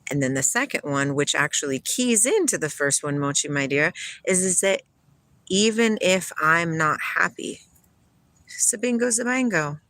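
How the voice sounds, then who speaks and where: A woman's voice: low-pitched, sharp tone, dry recording. A middle-aged woman vlogging a rambling spiritual monologue, laughing often and talking to her parrot.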